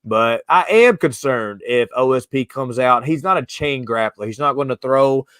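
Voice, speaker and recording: A man's voice: mid-range voice, animated, normal speed, a bit bright, smooth, no echo, clean studio sound. A man hosting a casual live-streamed sports podcast, loose and slangy, joking with his co-host.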